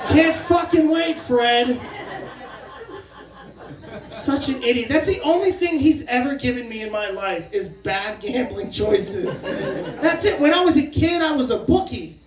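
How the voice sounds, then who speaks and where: A man in his late twenties doing a stand-up comedy set, telling brash, profane stories with loud outbursts. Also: very high voice, sing-song, moderate pace, distant mic. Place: crab shack venue with live audience. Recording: roomy live recording from off-mic, crowd laughter.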